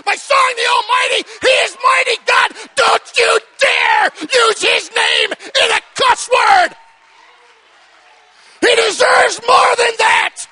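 A male preacher delivering a fiery sermon, shouting with emphasis and building long repeated litanies, often stumbling over repeated words as he starts a phrase. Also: very high voice, no room sound.

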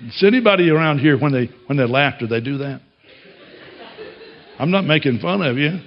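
A man's voice: mid-range voice, creaky, dull audio. A man preaching a sermon as a pastor, telling stories in a folksy way and chuckling often.

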